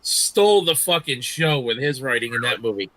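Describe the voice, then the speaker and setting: A man's voice: mid-range voice, animated, moderate pace, pushed and bright, dry recording. A man hosting a casual group chat, swearing freely and retelling scenes with animation. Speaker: podcast host.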